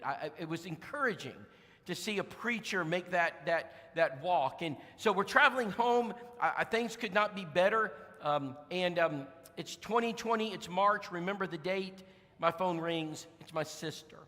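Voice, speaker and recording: A man's voice: high-pitched, animated, moderate pace, bright, forceful tone, in a large hall. A man preaching a storytelling sermon as a guest preacher, folksy, with many fillers and restarts. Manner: acts out voices in his stories. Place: church auditorium.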